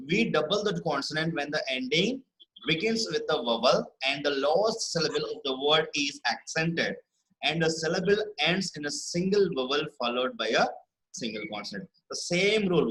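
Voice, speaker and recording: A man teaching a spelling lesson online, explaining rules patiently and often checking in with "right?" and repeating key words slowly. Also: on the high side, a bit bright, low-quality recording. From India.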